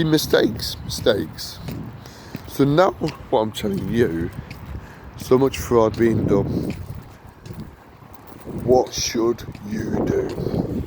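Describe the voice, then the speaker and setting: A man vlogs outdoors in an ordinary mid-pitched voice, wandering off topic and repeating phrases to drive his point home. Heavy traffic noise runs under everything he says. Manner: repetitive, emphatic, digressive. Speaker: vlogger. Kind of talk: rambling to-camera monologue. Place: outdoors on a busy street. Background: loud traffic.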